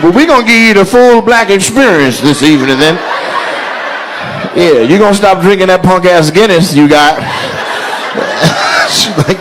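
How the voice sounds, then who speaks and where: A man doing stand-up crowd work on a club stage, loud, slangy and laughing as he talks into a handheld mic. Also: high voice, expressive, moderate pace, pauses often, noisy background. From Midwest United States. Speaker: stand-up comedian. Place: comedy club stage before a live audience.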